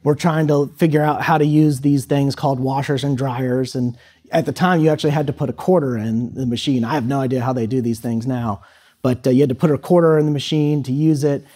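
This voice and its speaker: A man's voice: mid-range voice, fairly even intonation, brisk, dark tone. A man in his thirties giving a talk to students, telling a personal story in a loose, conversational way with many fillers. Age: 30s. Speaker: guest speaker at a high school. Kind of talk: storytelling speech.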